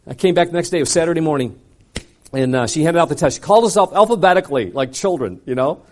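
A man with a high-pitched voice telling a personal story in the style of a sermon. He acts out each scene with drama and throws in quick asides to the listeners. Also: expressive, a little mellow.

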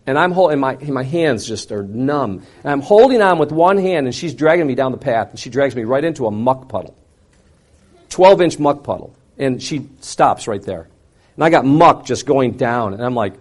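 A man's voice: medium pitch, lively intonation, normal speed. Man telling a dramatic personal story. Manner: swings from loud, intense outbursts to quiet, hushed reflection. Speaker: speaker sharing a personal testimony.

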